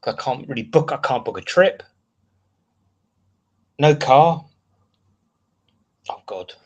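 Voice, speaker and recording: A man's voice: mid-range voice, animated, slow. A man hosting a casual live stream. He rants in a frustrated, rambling way and reads out chat comments as he goes. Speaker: livestream host.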